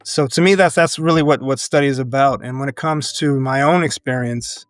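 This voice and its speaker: A man's voice: medium pitch, clean tone, dry recording, soft background music. Earnest man talking, laughing often. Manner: earnest, speaks in measured phrases and laughs often. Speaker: podcast guest, educator and activist. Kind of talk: reflective interview conversation.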